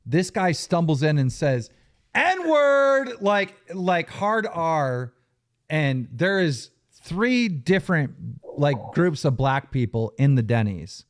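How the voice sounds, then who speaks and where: Animated man telling stories on a podcast. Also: fairly high pitch, slow. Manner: animated, laughing often while telling stories. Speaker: podcast host. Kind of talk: casual storytelling.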